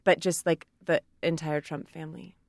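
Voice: medium pitch, flat delivery, normal speed, creaky, no room sound, clean studio sound. A playful, giggly panelist joking through a comedy quiz.

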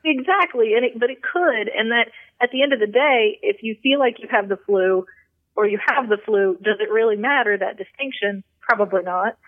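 A woman doctor calling in to a podcast, explaining things calmly in casual chat. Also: on the high side, moderate pace, dry recording. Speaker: doctor, guest caller. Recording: phone line.

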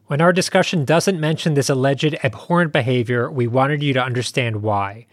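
A male podcast host with a middle-pitched voice, speaking in a measured and sincere way. The recording is dry and close, with no room echo. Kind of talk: read announcement, then casual chat.

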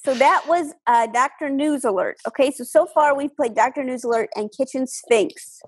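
A woman's voice: sits high, normal speed, slightly rough. A woman co-hosting a comedy podcast over a video call, keeping the chat moving and reading an ad. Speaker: podcast co-host. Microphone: remote call microphone.

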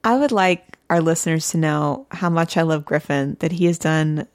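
A woman with a fairly low voice co-hosts a comedy podcast. She walks through what happened on the show in an easy, chatty way. She laughs often as she goes. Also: moderate pace. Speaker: podcast co-host. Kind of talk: casual comedic chat.

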